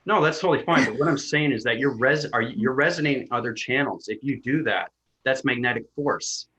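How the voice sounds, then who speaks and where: A man's voice: mid-range voice, fairly quick, bright, forceful tone, a little hiss or hum, low-quality recording. Man, insistent explainer, jargon-heavy, healer answering questions, casual lecture.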